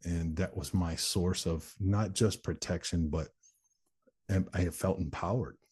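As an interview guest, a man tells the story of his own life in a blunt, unpolished way, cursing occasionally. His low, dark voice carries a husky, breathy quality, and his tone stays steady and unhurried. He speaks plainly, like someone who has often told this story to an audience, sharing it candidly in conversation.

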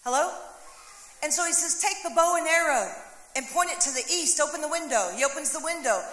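A woman's voice: sits high, fairly quick, fairly bright tone. A woman pastor preaching a sermon, telling the story with acted voices and humor. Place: church sanctuary. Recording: echoey hall, long reverb.

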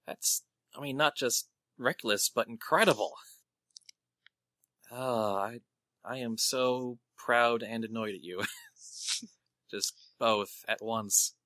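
A man's voice: medium pitch, slow pace, pauses often, bright, forceful tone, no echo. A man voicing a protective older mare sister, flustered and torn between scolding and fussing. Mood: exasperated fond.

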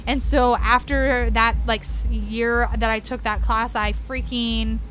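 A woman's voice: fairly high pitch, fairly even intonation, slow pace, a bit bright, a little hiss or hum. A young woman from California talking casually as a podcast guest, rambling with lots of fillers. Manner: chatty, many fillers like "like" and "freaking". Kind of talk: casual chat.

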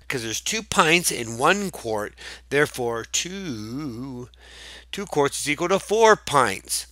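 A man's voice: on the high side, sharp tone, dry recording. A man teaching math in a playful, chatty video lesson, joking and chuckling as he works through problems.

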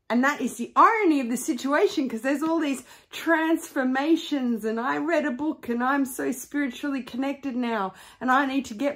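A woman's voice: high-pitched, fairly bright tone. A middle-aged woman vlogging, talking emphatically and getting heated. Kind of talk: candid vlog rant.

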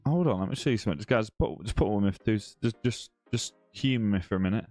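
A southern English man in a home setup chats his way through a live gaming stream, reading comments aloud and joking with viewers. His voice sits low and easygoing, full of "mate" and "bro". Soft background music plays beneath him. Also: quick pace, no room sound. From southern England. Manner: chatty and teasing, many "mate" and "bro" tags, restarts. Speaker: live-stream gamer host. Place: home room.

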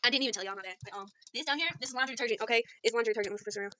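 A woman's voice: on the high side, very fast, noisy background. A woman rambling casually through a shopping haul at home, filming on a phone. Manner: rambling, chatty, self-deprecating, southern y'all. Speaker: vlogger showing a shopping haul. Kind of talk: casual chat.

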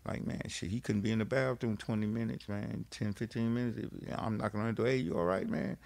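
A man talks in a low, gravelly voice with heavy fry. He tells his story in a loose, profane way, full of "you know what I'm saying" and restarts, as an interview guest. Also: fairly even intonation, a little fast, darkish tone. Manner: loose, profane street storytelling with many fillers. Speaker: interviewee, friend of the late DJ.

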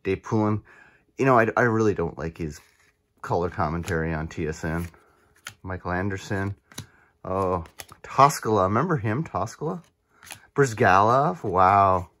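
A man chatting excitedly as he opens cheap card packs and reacts to each card on his channel. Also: low voice, unhurried, long pauses. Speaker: card collecting channel host. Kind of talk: casual pack-opening commentary.

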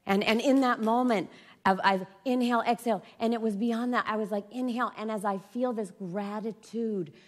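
A woman giving a confessional personal-story talk at a conference, swinging from loud outbursts to hushed near-whispers. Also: on the high side, steady tone, moderate pace. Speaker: conference speaker. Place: conference stage before an audience.

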